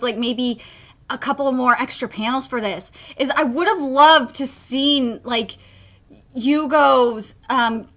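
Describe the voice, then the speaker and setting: High, bright-voiced woman reacting to manga. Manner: rambling, many fillers and restarts; emotional, gets loud when moved. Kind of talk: live reaction commentary.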